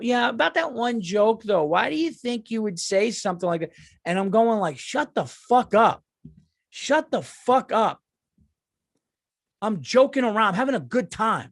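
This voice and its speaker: A man's voice: sits high, no room sound, studio quality. A man, a comedian hosting his podcast in a heated, profane ranting monologue. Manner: profane, heated, mocks people in quoted voices.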